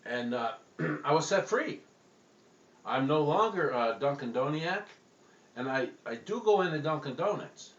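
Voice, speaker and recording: A man telling a comic story in a deadpan, halting way, with frequent pauses, in an echoey room with dull, lo-fi sound. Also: on the high side.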